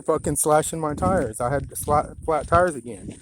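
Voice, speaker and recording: Outdoors on his rural land, a property owner films a complaint on his phone, ranting angrily with profanity and rambling through lots of "you know"s. His voice is fairly high with lively intonation at a normal speed, and the background is noisy.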